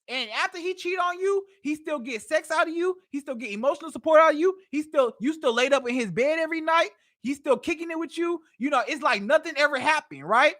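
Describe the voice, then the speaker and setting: A high, bouncy female voice swoops up and down as she lectures on a livestream. She is a dating coach, emphatic and animated, pressing her points with repeated rhetorical questions. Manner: animated, emphatic, acts out a cheating man. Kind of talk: livestream advice talk. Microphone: livestream setup.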